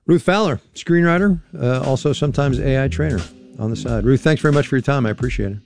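A man hosting a radio interview, speaking in a measured way with small restarts. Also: medium pitch, vocal fry, a little mellow, soft background music. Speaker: radio show host. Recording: dry studio sound.

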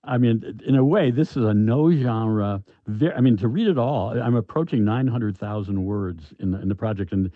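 An older man, an author, answering interview questions in a halting, thoughtful way with many restarts. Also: on the low side, no echo. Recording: dull, lo-fi, dry sound.

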